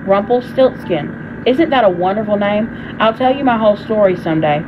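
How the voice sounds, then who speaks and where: A woman's voice: mid-range voice, expressive, a little fast, natural voice. A woman voicing a chatty, bold boy hero, eager and friendly in her own reading voice. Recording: dull recording with loud air conditioner hum.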